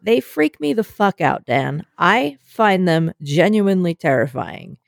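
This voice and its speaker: A young woman in casual conversation, telling a story with lively acted-out voices and the odd swear word. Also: fairly low pitch, unhurried, gravelly, dry recording, clean studio sound. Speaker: co-host.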